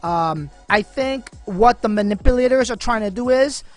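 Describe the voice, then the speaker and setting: A man's voice: extremely high pitch, expressive, normal speed, faint music behind. Slangy livestream host man. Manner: slangy, filler-heavy, addresses viewers as man and bro. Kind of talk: casual live-stream chat.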